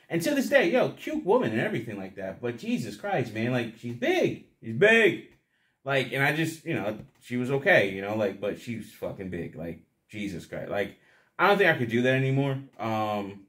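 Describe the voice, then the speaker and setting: A young man talks in a loose, rambling monologue, swearing freely and breaking into laughter at his own stories. His voice sits in an ordinary middle pitch, and he circles back on his points with plenty of filler. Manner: crude, profane, laughs often, rambling. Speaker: vlogger.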